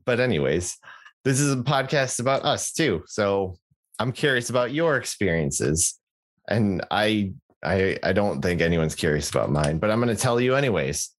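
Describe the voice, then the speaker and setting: With a voice on the low side, big pitch swings and a moderate pace, this young man co-hosts a podcast. He chats casually and jokes around, using lots of fillers and restarts.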